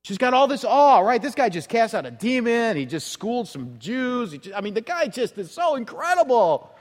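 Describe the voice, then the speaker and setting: A man's voice: extremely high pitch, very animated, moderate pace. A male pastor giving a conversational sermon in a church, full of rhetorical questions and acted-out quotes. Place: church sanctuary. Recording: reverberant church hall.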